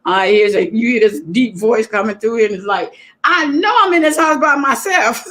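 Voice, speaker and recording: A woman's voice: on the high side, normal speed, a bit bright. A woman hosting a live stream, chatting casually and animatedly straight to her viewers. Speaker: livestream talk show host.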